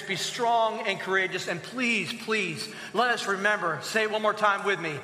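A man's voice: high voice, moderate pace, hardly any pauses, sharp tone. A man preaching a sermon as pastor, leading his congregation in rousing call-and-response. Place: church sanctuary. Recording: roomy church hall reverb.

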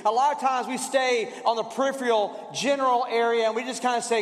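A man's voice: very high voice, fairly even intonation, a little fast, hardly any pauses. A man preaching a sermon as pastor, in a conversational style with rhetorical questions and repetition. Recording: roomy hall reverb.

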